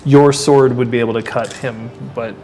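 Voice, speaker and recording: A man's voice: medium pitch, fairly even intonation, moderate pace, dark tone, a little hiss or hum. A man running a tabletop role-playing game as game master, narrating casually and swearing now and then.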